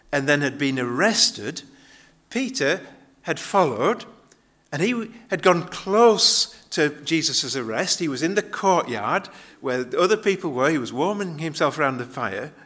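A man's voice: on the high side, expressive, a little slow, sharp tone. A male pastor giving a conversational sermon, often restarting his phrases as he explains a Bible passage.

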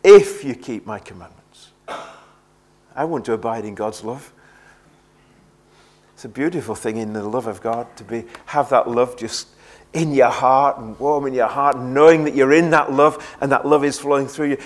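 A man's voice: medium pitch, fairly even intonation, moderate pace. A man preaching a sermon in an earnest way, often repeating words as he presses a point.

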